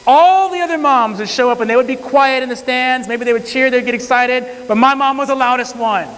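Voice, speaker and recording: A man quoting a young woman as she fondly recalls her mother, slow and earnest. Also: very high-pitched, a bit bright, pitched above the performer's own voice. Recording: long hall reverb.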